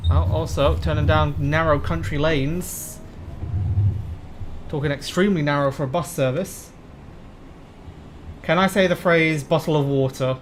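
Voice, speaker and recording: A man's voice: on the high side, steady tone, measured pace, long pauses, noisy background. A man streaming a bus-driving game, chatting casually and rambling as he answers viewer questions. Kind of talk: casual live-stream commentary.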